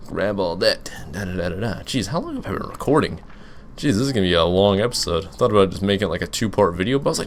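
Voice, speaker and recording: A young man with a slightly low voice chats casually through a gaming Q and A, rambling and restarting his sentences. A faint steady hum sits under his home mic recording. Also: fast. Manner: rambling, full of fillers and restarts. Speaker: gaming YouTuber. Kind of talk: casual Let's Play commentary with Q and A.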